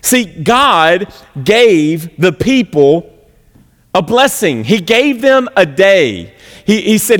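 A man with a somewhat high voice preaches a conversational sermon, animated and a touch sarcastic. His voice carries a long reverb, as in a large church sanctuary. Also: takes it slowly. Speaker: pastor.

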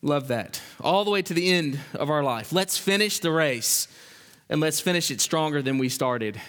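Guy pastor preaching hard, fired up then going quiet, big church echo. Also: a little high, expressive, moderate pace, smooth. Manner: impassioned, swings between loud exhortation and quiet emphasis. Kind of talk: sermon. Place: church sanctuary. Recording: long hall reverb.

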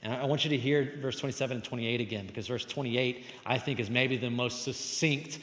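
A man preaches with emphatic swells, his voice climbing louder on key words and sinking softly after. His mid-range voice rings through a roomy hall with a long, trailing reverb. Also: mid-range voice, steady tone, a little fast. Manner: emphatic, rises and falls in loudness for stress. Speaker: pastor. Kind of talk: sermon.

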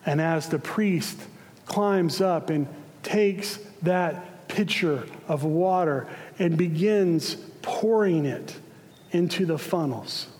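High-voiced pastor preaching in a reverberant hall. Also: male voice, takes it slowly. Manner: building to impassioned shouts then dropping hushed. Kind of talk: dramatic sermon storytelling.

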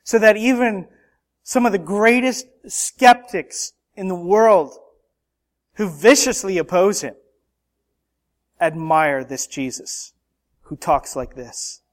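Impassioned high-voiced male preacher. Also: slow, pauses often. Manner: impassioned, rhetorical, swings between loud emphasis and hushed lines. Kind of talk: sermon.

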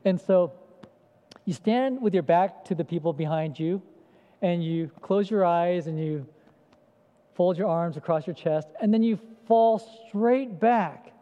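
A man's voice: fairly high pitch, unhurried, long pauses. A man preaching a sermon in a conversational way, often asking the congregation questions. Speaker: pastor. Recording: echoey hall, dull lo-fi sound.

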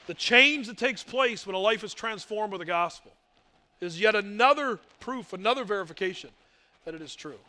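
A man's voice: sits high, lively intonation, normal speed, pushed and bright. A male pastor preaching a sermon, emphatic, asking rhetorical questions and mimicking doubters.

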